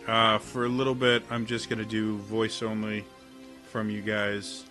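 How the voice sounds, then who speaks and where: A man's voice: fairly low pitch, monotone, measured pace, music in the background. A man running an online tabletop game as game master, talking in a casual, easygoing way over voice chat.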